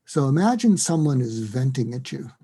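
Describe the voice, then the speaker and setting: A man, a psychiatrist, giving advice in an interview, acting out lively example dialogues. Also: mid-range voice, normal speed, breathy edge. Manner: animated, acts out dialogue in quoted voices. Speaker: psychiatrist and guest.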